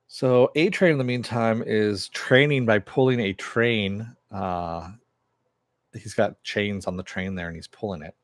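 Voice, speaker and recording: Low-voiced man recapping a TV episode. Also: unhurried, no room sound. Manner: loose, chatty retelling with fillers and swearing. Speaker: TV show reviewer.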